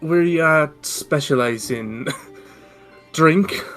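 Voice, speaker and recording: A man's voice: a little high, drawn-out words, a bit bright, faint music behind. A man voicing a young male gnome who runs a brewery, speaking in a friendly, hesitant way with plenty of fillers. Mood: polite.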